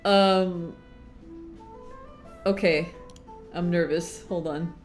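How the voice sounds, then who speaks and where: Slow-talking excitable woman streamer. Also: lowish voice, faint music behind. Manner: excitable, laughs often, swings between mumbling and squealing. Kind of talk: casual livestream chat.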